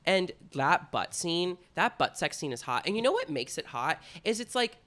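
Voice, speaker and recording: A man's voice: fairly high pitch, big pitch swings, normal speed, a bit bright. A young man co-hosting a podcast, chatting frankly and rambling with lots of "like". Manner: frank, rambling, heavy use of "like". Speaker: podcast co-host. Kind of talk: casual chat.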